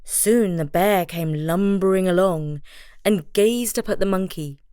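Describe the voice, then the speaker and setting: Woman storyteller for a bedtime story, expressive and close-miked, dry sound. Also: lowish voice, unhurried, smooth, dry recording. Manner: gentle, expressive read-aloud storytelling. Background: soft background music.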